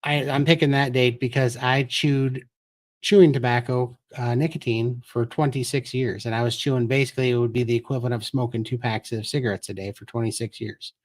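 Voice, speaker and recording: A man's voice: medium pitch, steady tone, fairly quick. Earnest man explaining on a live stream. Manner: earnest, explanatory, tells his story. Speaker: guest.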